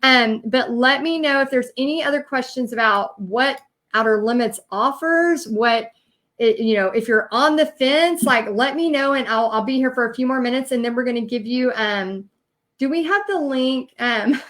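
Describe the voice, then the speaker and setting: A woman's voice: on the high side, normal speed, a bit bright. A woman giving a live-streamed training talk as a business coach, earnest and emotional, rambling with many fillers.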